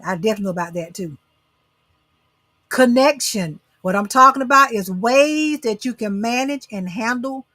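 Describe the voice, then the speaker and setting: Bright-voiced woman coaxing "y'all" as host. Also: medium pitch, no room sound. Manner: preachy, coaxing, addresses audience as y'all. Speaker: talk show host. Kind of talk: casual motivational talk to live viewers.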